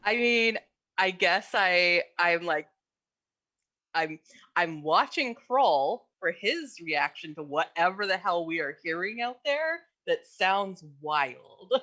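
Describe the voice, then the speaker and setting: Playful woman with a lowish voice. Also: expressive, slow pace, bright, forceful tone. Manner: playful and giggly. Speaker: player. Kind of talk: casual tabletop chat.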